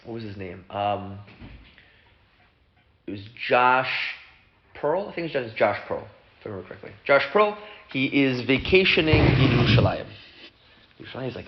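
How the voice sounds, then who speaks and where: A man's voice: normal speed, pauses often. A man, a rabbi, casually teaching a class and acting out the people in his story. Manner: animated, acts out characters with big pitch jumps. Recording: dull lo-fi room recording.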